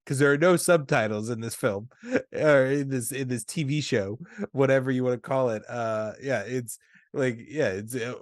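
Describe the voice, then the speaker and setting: A man in casual podcast talk about a film, relaxed and rambling, often trailing off into quiet asides. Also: medium pitch, normal speed, dry recording, clean studio sound. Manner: relaxed, rambling, many fillers and restarts, drops to quieter asides. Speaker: podcast co-host. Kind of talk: casual movie discussion.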